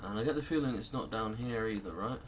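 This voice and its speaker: A man's voice: on the low side, fast talker, a little hiss or hum. A British man hosting a let's play, muttering casual gameplay commentary in a sarcastic manner and swearing freely. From Britain.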